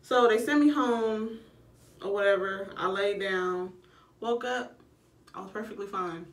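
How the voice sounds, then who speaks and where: Unhurried and at medium pitch, this young woman vlogs about giving birth, speaking bluntly and casually with plenty of swearing. The room is echoey and she sits a bit far from the microphone.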